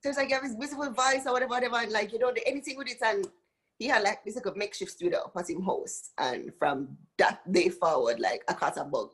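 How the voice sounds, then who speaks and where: A woman's voice: mid-range voice, fast, breathy edge. A woman from Jamaica with a Jamaican accent, a singer chatting as a guest and telling stories with acted-out quotes. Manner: animated storytelling, acts out quoted voices. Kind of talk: casual interview chat.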